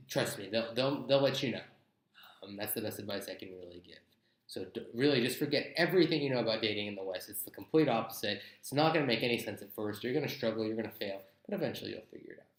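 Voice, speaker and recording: A young travel vlogger with a fairly low voice gives blunt, chatty advice in a casual vlog, offering tips with mock examples. The recording is rough and reverberant.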